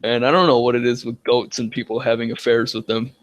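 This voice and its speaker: A man's voice: mid-range voice, level tone, fast. Chatty young man who laughs a lot. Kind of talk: casual voice chat.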